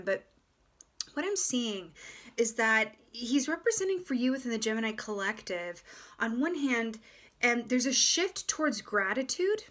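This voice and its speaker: A woman giving a casual, gentle tarot reading to her viewers, reflective and full of fillers and restarts. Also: on the high side. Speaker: tarot reader.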